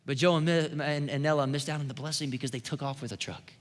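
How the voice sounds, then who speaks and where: A man preaching a sermon as pastor, telling a personal story in an animated way that builds to emphatic preaching. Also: on the high side, fast talker. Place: church sanctuary. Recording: long hall reverb.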